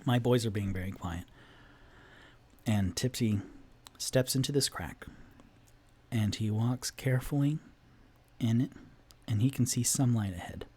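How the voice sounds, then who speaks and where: A man's voice: mid-range voice, unhurried, long pauses, a little mellow, slightly rough. A man narrating a solo tabletop game as game master, rambling with many fillers and restarts.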